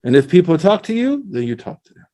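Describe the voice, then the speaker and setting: Man, middle-aged, casual religious lecture, lively storytelling, slangy, mellow tone. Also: sits high, fast. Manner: animated storytelling with slang and Arabic quotations. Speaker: Islamic scholar and teacher.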